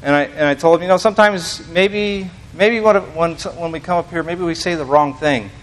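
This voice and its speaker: A man's voice: a little high, moderate pace. Rambling American man giving a church talk. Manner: rambling, self-deprecating, many fillers and restarts. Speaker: lay preacher. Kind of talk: informal sermon.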